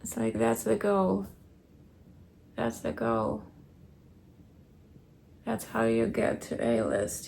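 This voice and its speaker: A weary woman keeping a late-night video diary at home, talking softly and often dropping into a whisper. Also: mid-range voice, sing-song, slow, vocal fry, pauses often, a little hiss or hum. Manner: soft, tired, often drops to a whisper. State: weary, low on energy.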